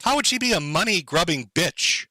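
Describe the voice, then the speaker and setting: A man's voice: sits high, animated, normal speed, pushed and bright, no echo, poor audio. A man live-streaming sarcastic, profane commentary, mocking and sardonic as he reacts to clips.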